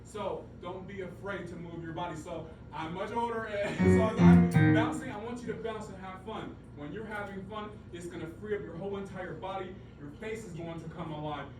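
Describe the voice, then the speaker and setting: A man presenting a choir teaching workshop, energetic and coaxing, leading the group through call-and-response singing. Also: sits high, fairly quick, few pauses. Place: large conference room. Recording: echoey room, voice from far off, music behind.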